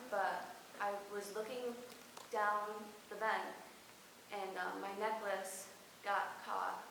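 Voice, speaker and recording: A woman's voice: medium pitch, creaky. Young woman, chatty monologue, lots of fillers, very echoey classroom, noisy recording. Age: young adult. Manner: chatty storytelling with many fillers and "like". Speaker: acting student. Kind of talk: performed verbatim monologue. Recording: very echoey room with noise.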